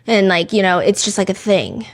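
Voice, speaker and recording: A woman hosts a true-crime podcast in a relaxed, conversational voice of middling pitch. She talks as if to a friend, with plenty of filler words, and she often stops to read quotes aloud. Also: a little fast. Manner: chatty, filler-heavy, reads quotes aloud. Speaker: podcast host. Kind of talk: casual true-crime storytelling.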